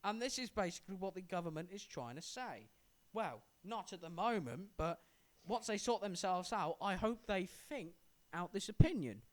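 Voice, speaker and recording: A man's voice: high-pitched, big pitch swings, normal speed, few pauses. A man co-hosting a casual podcast, laying out his opinions in long, lecturing explanations. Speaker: podcast co-host. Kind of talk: casual chat.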